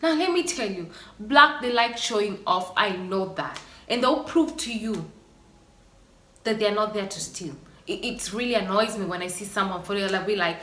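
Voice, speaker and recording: An earnest, emotional woman vlogging straight to her viewers, with sighs between her thoughts. Her voice is bright and forceful and rings in an echoey room. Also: medium pitch, moderate pace. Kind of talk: personal vlog monologue.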